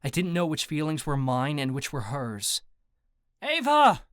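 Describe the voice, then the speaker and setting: A man reads a first-person audiobook in a steady, even storytelling manner. His voice sits at a middle pitch, and the close studio recording is dry, with no room sound. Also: moderate pace, dry recording. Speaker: audiobook narrator. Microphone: close studio mic.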